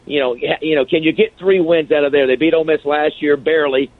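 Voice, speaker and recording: A man appears as a guest analyst on a sports radio show, talking rapidly and dropping in "you know" often. His voice is a bit high for a man and dry. It comes through a tinny phone line. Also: fairly even intonation, no echo. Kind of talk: radio interview.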